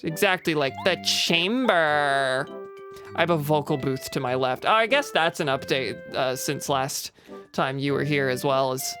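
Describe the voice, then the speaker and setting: Low-voiced young woman streamer. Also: fairly bright tone. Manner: chatty, rambling, reads chat aloud. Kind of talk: casual live-stream chat while gaming. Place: home room with a vocal booth beside her.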